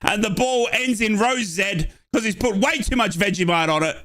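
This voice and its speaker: Excitable Australian man calling football. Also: high voice, normal speed. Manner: excitable, shouts at chances, chats with viewers. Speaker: watchalong streamer. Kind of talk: fan play-by-play commentary. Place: home office.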